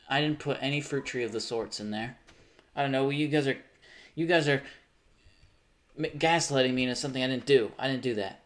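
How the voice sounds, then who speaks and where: A man's voice: medium pitch, a little fast, long pauses. A man chatting casually with his live stream chat while gaming, joking and sarcastic.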